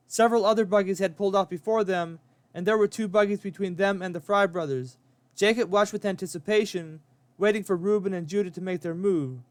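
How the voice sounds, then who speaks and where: High-voiced smooth male storyteller. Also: no echo. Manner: steady storytelling read. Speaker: narrator. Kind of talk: audiobook narration.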